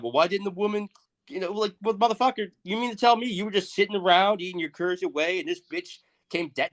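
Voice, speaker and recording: A man in his thirties riffs through a crude, profane comedic rant as a podcast co-host. His voice sits a little high. He keeps lurching between loud outbursts and low, muttered asides. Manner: profane, ranting, swings loud and soft.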